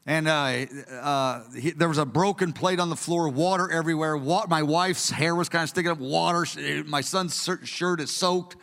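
A man in his sixties preaching a teaching sermon from printed notes, earnest and storytelling, with bursts of excited emphasis. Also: a little high. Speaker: preacher teaching a study session. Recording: long reverb of a hall.

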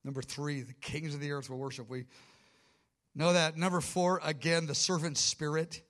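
A male preacher delivering a sermon with a fairly high voice. He teaches in a casual, conversational way, then drives points home with sudden emphatic bursts. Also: flat delivery, normal speed, fairly bright tone.

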